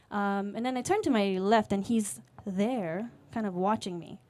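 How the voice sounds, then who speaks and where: A woman's voice: medium pitch, normal speed, few pauses, darkish tone. A woman, telling a personal story on stage at a live event in a candid, chatty way with fillers. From Singapore. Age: late 20s. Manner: conversational and candid, with fillers and voiced quotes. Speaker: speaker at a storytelling event, music teacher. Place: live speaker event before an audience.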